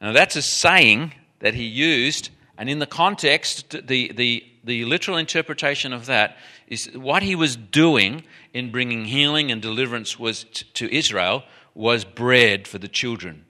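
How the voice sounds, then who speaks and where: A man preaching a sermon in an animated, emphatic way, often restarting his sentences. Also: medium pitch, unhurried, few pauses.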